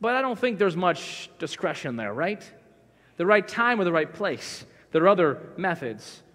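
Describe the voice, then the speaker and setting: A man's voice: high voice, big pitch swings, moderate pace, fairly bright tone. A middle-aged man preaching a sermon as pastor, telling self-deprecating stories in a conversational way. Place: church sanctuary. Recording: long church hall reverb.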